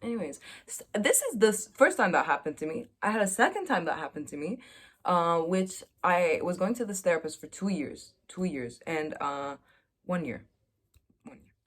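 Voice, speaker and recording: Young woman vlogger with a slightly low voice, candid and self-mocking, casual confessional delivery. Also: sing-song, moderate pace.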